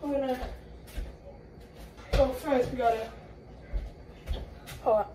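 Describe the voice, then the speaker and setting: A woman's voice: high voice, steady tone, slow pace, heavy background noise. A woman with the hiccups giving a rambling, chatty cooking tutorial in a home kitchen. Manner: rambling, chatty, self-correcting. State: has the hiccups. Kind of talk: casual cooking tutorial chat.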